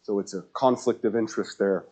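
A man preaching a sermon as pastor, telling stories and acting out the voices of people he quotes, swinging between loud and hushed. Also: lowish voice, fairly quick, slightly rough. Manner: animated storyteller, acts out quoted voices, swings loud to soft.

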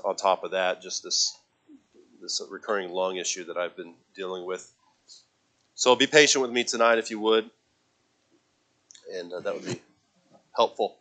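A man preaching as a youth pastor, earnest and halting, often restarting and repeating words before building to emphatic appeals. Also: deep voice, bright, forceful tone. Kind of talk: sermon.

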